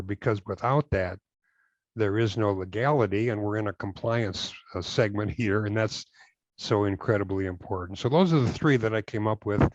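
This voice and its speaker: An older man with a low voice answers interview questions as a compliance consultant. He talks in a measured, halting way, full of fillers and restarts. The recording is dry and close but slightly dull and lo-fi. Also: no echo. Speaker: direct selling compliance consultant.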